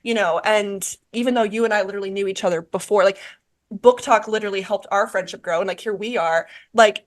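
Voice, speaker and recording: Young woman, podcast host, rambling, full of fillers and restarts, casual chat, mid-pitched. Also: fairly quick.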